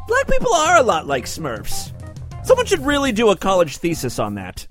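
Animated sarcastic male comedy podcast host. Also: high voice, normal speed, faint music behind. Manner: rambling, sarcastic, jumps between loud and mumbled. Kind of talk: comedic monologue.

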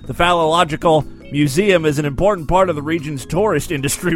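A man's voice: a little high, fast talker, few pauses, faint music behind. A man hosting a show, reading odd news stories aloud with sarcastic jokes, stumbling over foreign names. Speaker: podcast host.

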